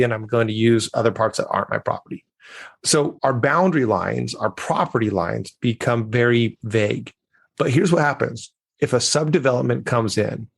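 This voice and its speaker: A man who is a communication coach, answering interview questions on a podcast and telling stories with acted-out dialogue. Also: vocal fry. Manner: storytelling, acts out quoted dialogue with lively jumps in pitch.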